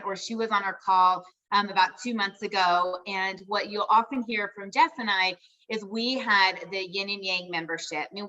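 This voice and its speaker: A woman's voice: mid-range voice, bright, forceful tone. A woman hosting a team call over a video link, gushing and upbeat as she introduces a guest, often saying "you guys.". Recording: dull lo-fi audio, slightly distant from mic.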